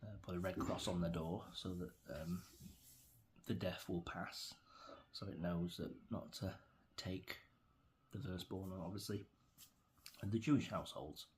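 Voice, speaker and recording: A middle-aged Englishman with a low, deep voice talks straight to camera in a rambling, opinionated rant. He hesitates and restarts often and wanders from one grievance to the next. A faint hiss of noise sits under his voice. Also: steady tone, measured pace, a little mellow. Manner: meandering, opinionated, many fillers and restarts. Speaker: vlogger.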